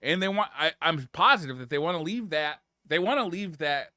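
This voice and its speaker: A man co-hosting a gaming podcast, bantering with an animated, bouncing voice. He laughs easily as he talks. The sound is close and dry, with no room around it. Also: a little high, fairly quick, no echo. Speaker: podcast co-host. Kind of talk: casual podcast chat.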